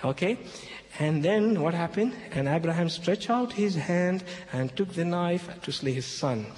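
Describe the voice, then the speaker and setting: With a high, animated, darkish voice, a Christian speaker takes his time retelling a Bible story to an audience in broken English. He keeps repeating key phrases and asking "okay?" in an echoey hall with faint background noise.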